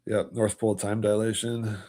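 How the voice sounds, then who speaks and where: Man, livestream host, low-pitched, hoarse and worn-out voice, rambling casual delivery. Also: little pitch movement, normal speed, dark tone. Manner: rambling, loose step-by-step explaining. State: hoarse, voice almost gone; tired.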